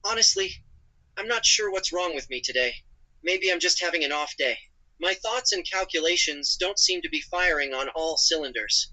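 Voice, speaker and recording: A synthetic male voice as a gentle AI companion. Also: fairly high pitch, normal speed, heavily acted, poor audio. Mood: apologetic. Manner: calm, apologetic, narrates own actions.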